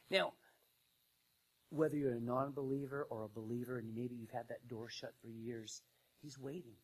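A man preaching a sermon in an easygoing voice of middle pitch. He talks like he is chatting with the congregation, then punches key lines loudly before falling to a near hush. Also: steady tone, moderate pace, rough recording. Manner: conversational preaching, swings from loud emphasis to hushed asides. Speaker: pastor.

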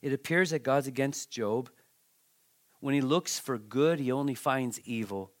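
A man's voice: medium pitch, measured pace. A man preaching a sermon, reading scripture with dramatic emphasis and turning to the congregation with conversational asides. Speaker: pastor.

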